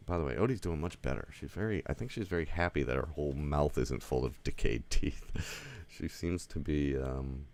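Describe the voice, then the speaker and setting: A man's voice: a bass voice, moderate pace, darkish tone. A man giving a casual, rambling movie review at home, swearing freely and leaning on "like" as he talks. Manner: rambling, profane, heavy use of "like". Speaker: film reviewer. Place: home, with a dog nearby.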